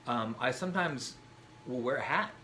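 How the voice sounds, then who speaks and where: A man in his forties talks as a guest in a relaxed chat, thinking aloud and restarting his sentences. His bright voice swings widely in pitch, and a faint hiss sits under the recording. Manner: reflective, halting with restarts. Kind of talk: casual chat.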